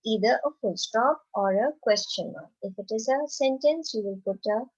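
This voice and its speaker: A woman teaching a slow, simple lesson to young children. She encourages them and asks questions that she then answers herself. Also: on the high side, darkish tone, dull audio. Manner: reads example sentences very slowly and clearly.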